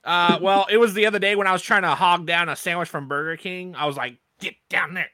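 A man's voice: high voice, fast talker, dry recording, studio quality. A man co-hosting a casual group podcast, joking around and laughing often. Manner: laughs often, jokey and excitable. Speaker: podcast co-host.

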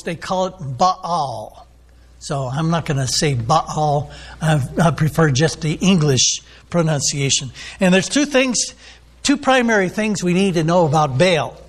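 A man preaching a sermon, teaching in a loose, rambling way with many ums and restarts. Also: high-pitched.

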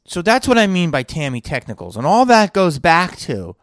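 A man's voice: a little high, huge pitch swings, normal speed, a bit bright, no echo, clean studio sound. A man hosting a solo podcast from a hotel room, telling a rambling story with lots of swearing and sighing. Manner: profane, sighing, digressive. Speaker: podcast host.

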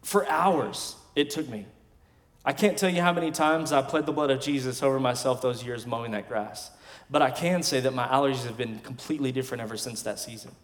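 A pastor in his thirties with a drawl preaches to his church. He moves from loud, punchy declarations to quiet, confiding asides, and his voice sits at an ordinary male pitch. The long reverb of a big sanctuary trails every phrase. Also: fairly quick. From West Texas. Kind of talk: sermon.

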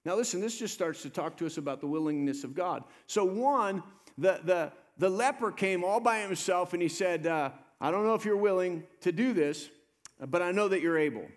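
With a high-sitting voice at a moderate pace, this male preacher brings his sermon to life by performing the characters' voices. He keeps calling on the congregation to respond.

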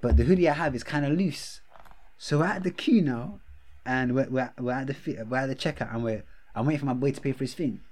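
A young man, telling a story in casual chat, animated, with laughter and heavy slang. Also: mid-range voice, a little fast. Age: young adult.

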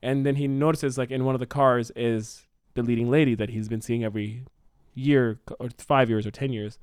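Fast, animated man pitching a story. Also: smooth, no echo, clean studio sound. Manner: animated, rambling storytelling with many fillers. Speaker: podcast co-host. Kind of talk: casual brainstorming chat.

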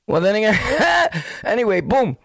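A man's voice: high-pitched, big pitch swings, a little slow, fairly bright tone, no room sound, clean studio sound. A man with a Brooklyn accent telling a story on his podcast, laughing and throwing in sound effects and street slang. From Brooklyn, New York. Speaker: podcast host. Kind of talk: casual storytelling.

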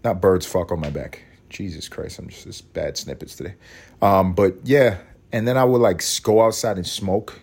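A man's voice: sits low, moderate pace, darkish tone, slightly rough. A man in his thirties hosting a solo podcast, rambling and cursing in a cranky, self-mocking way. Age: 30s. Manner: cranky, scattered. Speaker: podcast host. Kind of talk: casual solo podcast rant.

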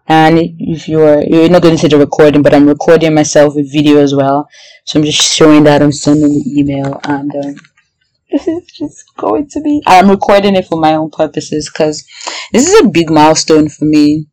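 A young adult woman, a PhD student and podcaster, talking in a casual video diary. She sounds anxious and excitable and often breaks into prayerful exclamations. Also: low voice, moderate pace, no room sound, low-quality recording.

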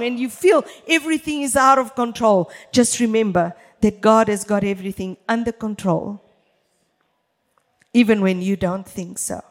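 A woman preaching a church sermon in an emphatic, deliberate way, speaking straight to her congregation. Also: medium pitch. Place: church hall. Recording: long hall reverb.

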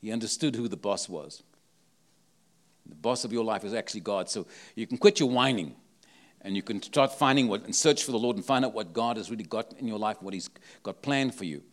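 A man's voice: fairly low pitch, fairly quick. A man with an accent preaching a sermon, emphatic and full of rhetorical questions. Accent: non-local accent.

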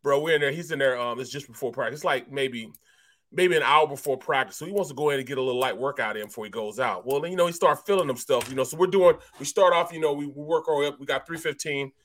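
A man co-hosting a sports talk show, a former player telling animated locker-room stories in casual chat. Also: mid-range voice, fast talker. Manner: animated storyteller, acts out voices. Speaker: co-host, former NFL player. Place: podcast studio.

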